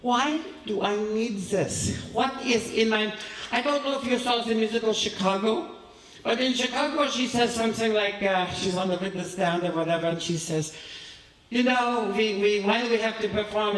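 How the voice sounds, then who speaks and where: A man playing a vain, flamboyant cabaret host. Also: high voice. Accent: vague put-on European accent. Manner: theatrical, rambling, self-mocking storytelling. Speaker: host of a live show. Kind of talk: live stand-up monologue. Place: small live venue with a small audience. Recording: roomy live venue, far from the mic.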